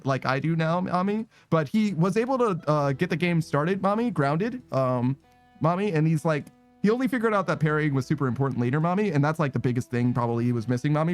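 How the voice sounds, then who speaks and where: A male streamer chatting casually on a live stream, rambling through shout-outs and often laughing and swearing. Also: a little high, lively intonation, quick pace, faint music behind. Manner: keeps tacking a running joke word onto sentences, laughs and swears often.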